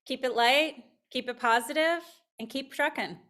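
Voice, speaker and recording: A voice actress chatting as a podcast guest, her woman's voice a little tired and rough, talking loosely with lots of fillers. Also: sits high, moderate pace, fairly bright tone. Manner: chatty, self-deprecating, full of fillers. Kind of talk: casual interview chat.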